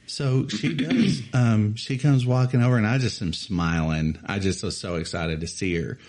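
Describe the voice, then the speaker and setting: A man in his thirties telling a personal story in casual chat, animated and often laughing as he acts out other people's lines. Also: lowish voice, moderate pace. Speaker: podcast co-host telling a story.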